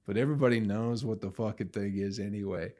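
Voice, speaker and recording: A man's voice: lowish voice, fairly even intonation, quick pace, warm tone. A man hosting a comedy podcast, talking in a casual, profane, ranting way.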